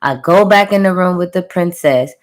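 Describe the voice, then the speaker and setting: A woman's voice: lowish voice, moderate pace. A young adult woman casually retelling a dream to her viewers in an emphatic, slangy way, speaking straight to the camera. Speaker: spiritual reader sharing a channeled message.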